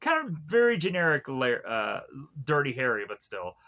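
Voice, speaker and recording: Guy rambling through a movie review, lots of ums and uhs, kinda high voice. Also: very animated, pushed and bright, dull audio. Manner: rambling, halting, full of filler words. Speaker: film reviewer. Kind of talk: casual spoken film review.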